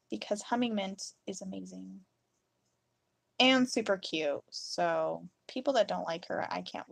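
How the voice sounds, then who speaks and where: A woman in her thirties chatting casually through a home craft vlog, telling playful stories with bursts of giggles and sudden high squeals. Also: vocal fry. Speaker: craft vlogger.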